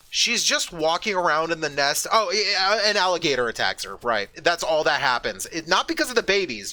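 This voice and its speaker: A man streaming a game, chatting casually in a rambling, profane way with excited outbursts. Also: on the high side. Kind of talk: casual chat while gaming.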